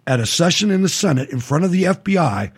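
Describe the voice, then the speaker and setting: A man's voice: on the high side, animated, quick pace, breathy edge. A man hosting casual political commentary, making scornful, sarcastic remarks over played clips. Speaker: commentator host.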